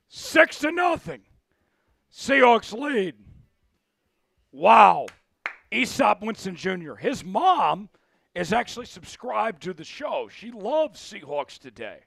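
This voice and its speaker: A man hosting a live sports stream, calling plays and shouting when his team scores. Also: sits high, slow, vocal fry, long pauses, dry recording, clean studio sound. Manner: excitable, shouts big plays. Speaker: livestream sports host. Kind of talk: live play-by-play watch-along.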